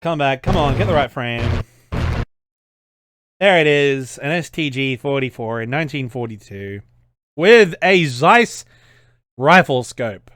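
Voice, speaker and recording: A man's voice: mid-range voice, animated, a little slow, pauses often, fairly bright tone. A young Australian man giving casual reaction commentary as a history YouTuber, ranting in an exasperated, sweary way.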